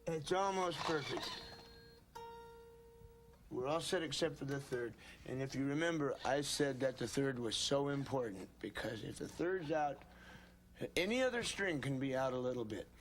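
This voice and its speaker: A man's voice: medium pitch, animated, moderate pace. A man giving a casual, folksy guitar setup lesson, calling the viewers folks and gang. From United States. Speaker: guitar instructor. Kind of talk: casual instructional demo.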